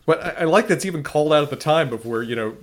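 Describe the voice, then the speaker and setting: Higher-pitched man analysing an episode. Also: fast. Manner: stumbles and restarts, analytical. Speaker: podcast co-host. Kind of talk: casual recap chat.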